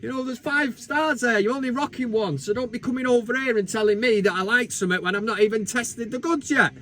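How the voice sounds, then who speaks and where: Brief: male vlogger, fairly high voice, sweary jokey football rant in a van. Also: fast, fairly bright tone. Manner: sweary, joking, ranting. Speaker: football fan channel host. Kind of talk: casual live vlog chat. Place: inside a van.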